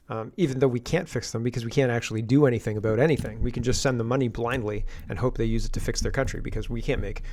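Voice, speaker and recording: Give me an exasperated male commentary host with a gravelly voice. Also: medium pitch, a little mellow. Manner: ranting, exasperated, talks to viewer. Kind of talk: casual political commentary.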